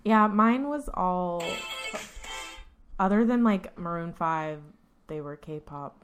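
Laid-back young woman co-host, lowish voice. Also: slow pace, lo-fi sound, soft background music. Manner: laughs often, easygoing. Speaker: podcast co-host. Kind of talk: casual chat.

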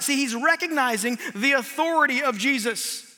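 A man preaching a lively sermon to a live audience, getting the crowd to repeat lines back to him. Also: very high-pitched, normal speed, hardly any pauses. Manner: energetic, audience call-and-response. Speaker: guest preacher. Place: large hall with audience. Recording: long hall reverb.

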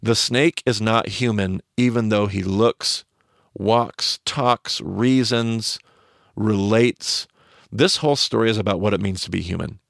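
A man's voice: fairly low pitch, unhurried, vocal fry, fairly bright tone, no room sound, studio quality. A man teaching on a podcast, explaining a story and quizzing his cohost with questions.

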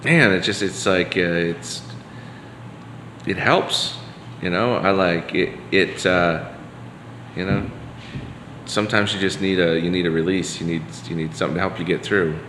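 A low-pitched man with a bright, forceful voice, rambling casually and circling back over his words. He sounds like he is in an echoey room with a long reverb tail and a faint hiss underneath. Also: unhurried, long pauses. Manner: rambling, many fillers and restarts. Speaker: podcast guest. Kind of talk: casual conversation, storytelling.

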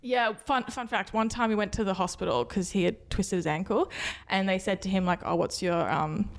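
A woman's voice: mid-range voice, moderate pace. A young woman, a podcast guest chatting casually and laughing often. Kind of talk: casual chat.

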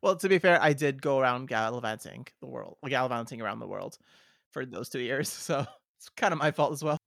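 A man's voice: medium pitch, animated, a little fast, vocal fry, fairly bright tone, no room sound. Man, podcast co-host, wry and chatty, dry close mic sound. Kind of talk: casual chat.

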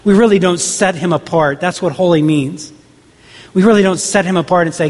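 Male pastor, sermon, slightly high voice, church hall reverb. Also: fairly quick, a little mellow. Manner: conversational, rhetorical questions, frequent restarts. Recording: long reverb of a large hall.

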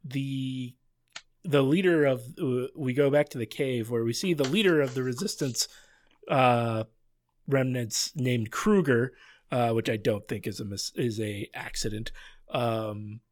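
A man's voice: medium pitch, measured pace. A man co-hosting a podcast, recapping a cartoon episode in casual chat, with lots of fillers, restarts and chuckles. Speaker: podcast co-host.

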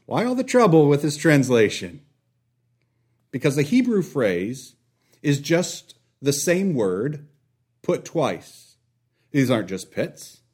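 A man with children preaching a sermon, deliberate, pausing for effect and dropping to a hush on key words. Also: a little high, very animated, breathy edge. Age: young adult or middle-aged, a father. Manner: deliberate, with long dramatic pauses and drops to a hush.

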